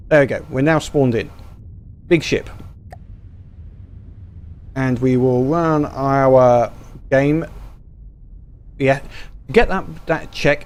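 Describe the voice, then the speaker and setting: A man's voice: medium pitch, darkish tone. Rambling man doing gameplay commentary. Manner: rambling, many ums and restarts. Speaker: gaming YouTuber.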